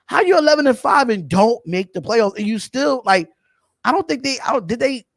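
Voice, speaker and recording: High-voiced animated podcast host man. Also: a little fast, creaky, no echo, clean studio sound. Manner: animated, shouts out viewers, says y'all. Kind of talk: casual sports talk podcast.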